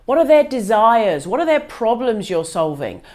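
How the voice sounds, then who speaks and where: A woman hosting her own business advice show, talking straight to the viewer in an energetic, emphatic way. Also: fairly high pitch, moderate pace. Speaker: host of a business video show. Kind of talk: upbeat direct-to-camera advice.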